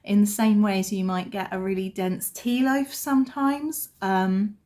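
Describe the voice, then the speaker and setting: A woman's voice: medium pitch, fairly even intonation, unhurried, a little mellow. Chatty woman telling a home story. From England. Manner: chatty storytelling, self-deprecating humour. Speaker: vlogger. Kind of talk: casual chat.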